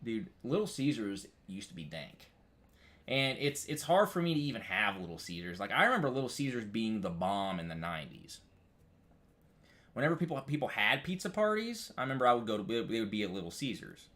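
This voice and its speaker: A man's voice: big pitch swings, brisk. Ranting, foul-mouthed man from upstate New York. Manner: profane, ranting, swinging loud and high when worked up; rambling with frequent restarts and "dude". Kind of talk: casual chat.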